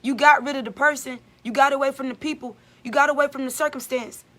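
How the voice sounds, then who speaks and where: A woman's voice: high-pitched, fairly even intonation, fast, fairly bright tone. A woman giving an emphatic, repetitive spiritual vlog monologue as a channeler.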